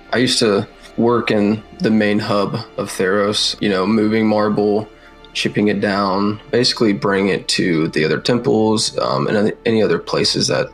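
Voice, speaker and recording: Male player, low voice, halting casual talk, faint music behind. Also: a bit bright. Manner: hesitant, many fillers. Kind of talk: casual chat.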